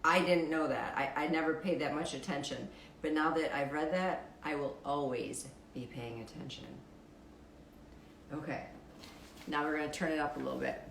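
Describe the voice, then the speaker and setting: A woman with a deep, raspy voice hosting a casual live stream, reading out fun facts and viewer comments in a wry, playful way, swearing freely. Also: steady tone, normal speed, echoey room, slight background noise, poor audio.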